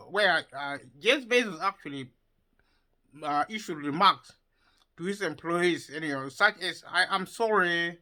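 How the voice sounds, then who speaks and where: Bright, halting male commentator. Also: a little high, poor audio. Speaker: video commentator. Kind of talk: opinion monologue.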